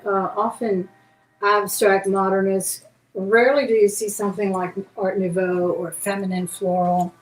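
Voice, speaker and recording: A woman's voice: medium pitch, darkish tone. A woman hosting a live jewelry sale, chatting casually as she shows and describes each piece. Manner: chatty, describes pieces while handling them. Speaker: auction host. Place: indoor room. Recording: roomy echo, faint music behind.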